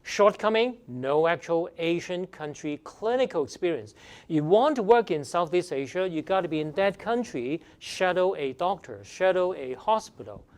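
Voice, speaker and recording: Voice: mid-range voice, sing-song, normal speed, a little mellow. A pre-med admissions advisor giving a seminar lecture, emphatic, repeating key phrases and firing off rhetorical questions.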